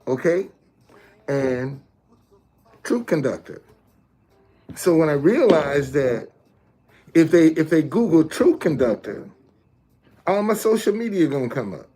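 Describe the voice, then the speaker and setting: Man, slow deliberate talk, somewhat high voice, repeats himself, keeps checking in with viewers. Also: sing-song, dark tone, breathy edge, soft background music. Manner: repetitive, checks in with viewers often; emphatic, explaining step by step. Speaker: street messenger and video host.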